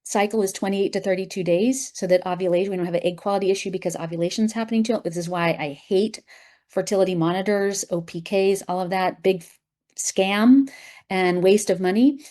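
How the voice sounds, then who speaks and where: A woman guest in a conversational interview, talking emphatically with strong opinions and quick asides. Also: medium pitch, steady tone, warm tone. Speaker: guest, acupuncturist and app founder.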